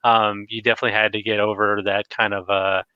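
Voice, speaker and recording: A man's voice: fairly low pitch, flat delivery, a little fast, clean tone, no room sound, lo-fi sound. A man in casual livestream chat about his collecting channel, rambling with lots of fillers and restarts. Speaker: retro collecting YouTuber.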